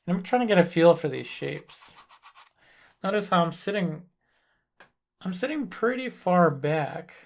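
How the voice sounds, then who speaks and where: Male painting instructor, gravelly voice, slow deliberate narration while working in the studio. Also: high voice. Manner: thinks aloud while working, calm and deliberate. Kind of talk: live painting demonstration.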